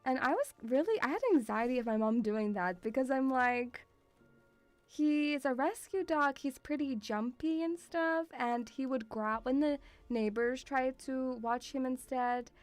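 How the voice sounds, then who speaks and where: A woman's voice: high voice, a little slow, dry recording, soft background music. A young woman from Russia, streaming casually, reading viewer messages and calling the viewer sweetie, with frequent giggles.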